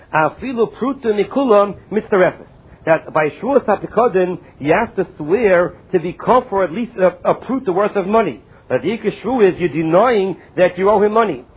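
High-voiced man teaching Talmud, tinny sound. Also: breathy edge. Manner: reads Aramaic text slowly, then explains in English. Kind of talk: Talmud study lecture. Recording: tinny phone-like lo-fi recording.

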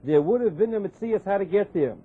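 A man's voice: high voice, lively intonation, brisk, breathy edge. A man giving a Torah class, translating verses phrase by phrase, mixing in Hebrew terms and reasoning through questions aloud. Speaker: Torah teacher. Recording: tinny phone-like lo-fi recording.

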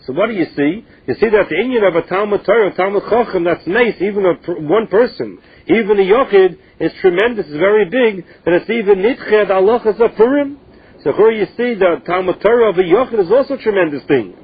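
A man with a high, husky voice teaches a Talmud lesson. He reads a phrase and then explains it in English. The sound comes through a thin, tinny phone line. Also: animated, a little fast.

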